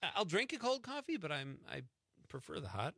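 A man's voice: on the high side, brisk, gravelly, breathy edge, no echo. A man hosting an evening radio show, joking and bantering with his co-host in a studio. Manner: joking, self-mocking, animated.

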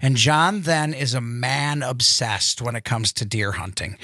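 A man hosting a radio talk show, telling stories in a lively, animated way. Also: medium pitch, a little slow, no room sound, clean studio sound. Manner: animated storyteller, acts out voices.

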